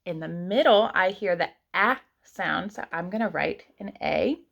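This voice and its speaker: Slow, patient woman teacher. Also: lowish voice, vocal fry, fairly bright tone, muffled recording. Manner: slow, sounding out words step by step; patient, talks to young children and parents. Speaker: kindergarten teacher. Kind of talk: online writing lesson.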